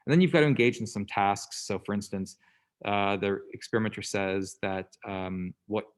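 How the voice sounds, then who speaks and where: A man with a fairly low voice gives a classroom lecture in a relaxed, conversational way. He keeps checking in with his listeners and briefly acts out the people in his examples. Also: normal speed, clean tone. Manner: conversational, checks in with "okay?" and "right?"; acts out quoted people in passing.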